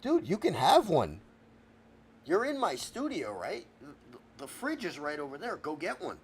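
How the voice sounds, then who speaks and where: Tipsy male host: incredulous, exasperated and stammering, with a high, lively voice. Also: a little slow, breathy edge. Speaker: podcast host. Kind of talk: late-night comedic rant with character voices.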